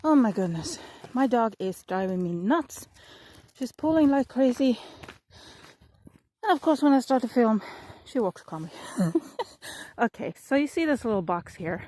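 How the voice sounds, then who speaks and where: A woman's voice: fairly high pitch, lively intonation, measured pace, long pauses, dark tone, poor audio. A woman chatting casually to her viewers in a vlog, rambling and apologizing with laughs while she walks her dog, filming on a handheld phone outdoors by a frozen river. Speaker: vlogger. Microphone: phone held in hand while walking a dog. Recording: windy outdoor phone recording.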